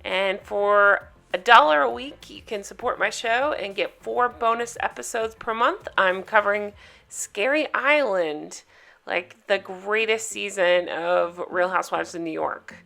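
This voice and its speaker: A woman hosting her own recap show, talking casually through the episode in a sarcastic, gossipy, animated way. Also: mid-range voice, measured pace, vocal fry. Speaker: podcast host recapping reality TV.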